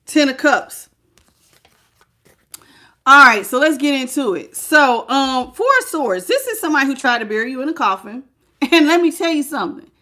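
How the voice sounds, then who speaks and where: A woman's voice: high-pitched, expressive, normal speed, pushed and bright. Chatty woman giving a tarot reading. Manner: chatty, laughs often, greets viewers by name; emphatic, repeats key phrases. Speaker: tarot reader. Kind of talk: casual live-stream tarot reading.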